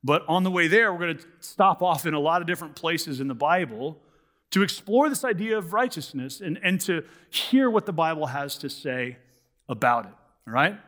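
A male pastor preaching a sermon in a church, in a casual, conversational way full of "like" and "sort of". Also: fairly high pitch. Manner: conversational, animated, many "like" and "sort of". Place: church sanctuary.

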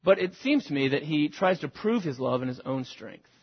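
A man with a somewhat high, husky voice preaches a sermon to his congregation, putting earnest, searching questions to them. His words carry a long reverb tail, as if from a large hall. The recording itself is dull and lo-fi. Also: expressive, moderate pace. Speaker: pastor.

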